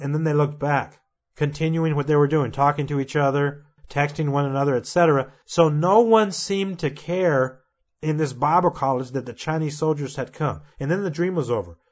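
A man's voice: fairly high pitch, muffled recording. Earnest man telling prophetic dreams. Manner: earnest, grows fervent and emphatic. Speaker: preacher recounting prophetic dreams. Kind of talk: impassioned prophetic monologue.

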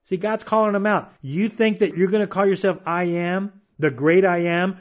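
Man preaching, fairly high voice, emphatic with rhetorical questions, dull lo-fi recording. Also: steady tone. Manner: emphatic, slows down to read scripture, rhetorical questions. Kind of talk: sermon. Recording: dull lo-fi sound.

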